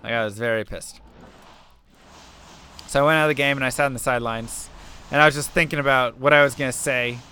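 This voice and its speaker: Streaming a game, a young man talks fast in a sharp, medium-pitched voice, punctuated by long pauses. Between comments on the gameplay, he earnestly tells a story in a casual, musing chat, with a little hiss or hum in the background.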